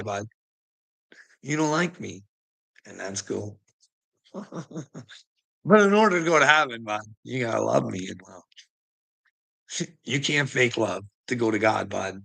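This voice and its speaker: A man holds forth on a casual livestream, swearing as he goes and breaking into laughter between lines. His voice has a gravelly edge and a sharp, tense tone. He calls his viewers "bud" as he talks to them. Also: mid-range voice.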